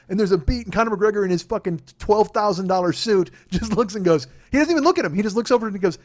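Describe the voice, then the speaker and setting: Fast-talking animated male podcast host. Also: high voice. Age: 40s. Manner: animated, profane, laughing retellings. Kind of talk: casual storytelling chat.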